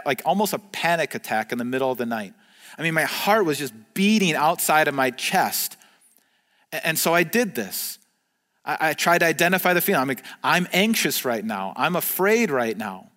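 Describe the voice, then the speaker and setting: Male pastor, earnest conversational sermon, slightly high voice, long hall reverb. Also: bright, forceful tone. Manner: earnest, conversational preaching with frequent fillers and restarts. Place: church video recorded during the pandemic.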